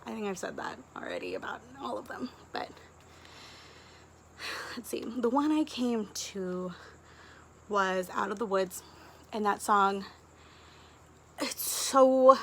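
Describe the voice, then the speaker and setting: Chatty woman gushing about books, gravelly voice. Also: mid-range voice, fairly bright tone, a little hiss or hum. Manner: gushing and chatty, with quick asides and giggles. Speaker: book vlogger. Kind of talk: casual chat to camera.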